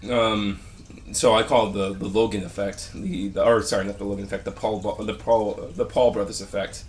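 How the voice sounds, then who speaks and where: A man's voice: fairly low pitch, level tone, slight background noise. A man vlogging a rambling complaint, sarcastic and dismissive, stopping and restarting his sentences often. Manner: halting, rambling rant with frequent restarts.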